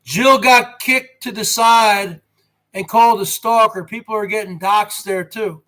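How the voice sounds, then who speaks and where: A brash man in his forties, hosting a livestream rant, who swears and swings from a quiet voice to a shout. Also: high voice, steady tone, measured pace. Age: 40s. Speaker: host.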